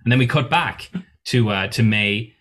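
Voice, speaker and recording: A man's voice: mid-range voice, normal speed, a bit bright. A man narrating a tabletop game as game master, casual, swearing and full of fillers.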